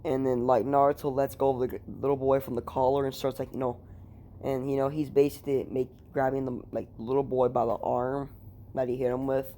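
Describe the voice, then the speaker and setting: A man's voice: medium pitch, little pitch movement, a little fast, warm tone, a little hiss or hum. A man casually retelling a fan story at home, rambling and swearing, with lots of fillers. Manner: rambling, profane, heavy with fillers. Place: room at home.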